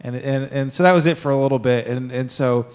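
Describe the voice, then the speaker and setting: A man's voice: medium pitch, brisk, soft background music. Rambling young man, swearing casually. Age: 20s. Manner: rambling storyteller, swears freely, acts out quoted people. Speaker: podcast co-host. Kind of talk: casual chat.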